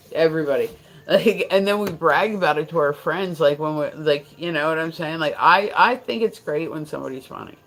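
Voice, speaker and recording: A woman's voice: deep voice, poor audio. An American woman hosting a livestream, chatting casually and rambling with many restarts and fillers. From United States. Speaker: livestream host. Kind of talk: casual chat.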